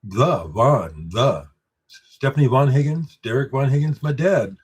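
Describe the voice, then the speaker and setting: Husky and mid-range, this musician's voice is animated but a little slow as he replies to chat on his laid-back stream. He talks up his own records with emphatic, bragging enthusiasm.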